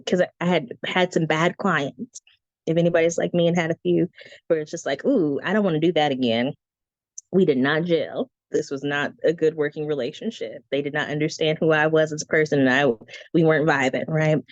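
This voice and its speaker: A woman with a squeaky voice, teaching branding in a casual, chatty way with breezy asides, heard over a video call. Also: normal speed, no room sound. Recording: dry, dull lo-fi call audio.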